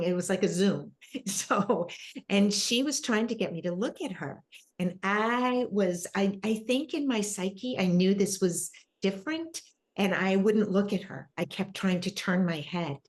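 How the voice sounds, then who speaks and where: Woman guest talking in an interview, lowish voice, earnest and reflective, pauses to find her words. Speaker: interview guest, spiritual grief coach. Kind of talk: personal storytelling in an interview.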